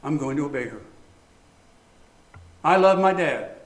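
A man preaching a sermon, animated, asking the congregation rhetorical questions. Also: on the high side, unhurried. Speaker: pastor. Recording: echoey room.

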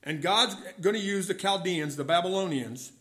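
A man preaching a sermon, asking questions of the listeners, reading scripture aloud and dropping low on key words. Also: moderate pace, pushed and bright. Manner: reads scripture aloud with rising voice.

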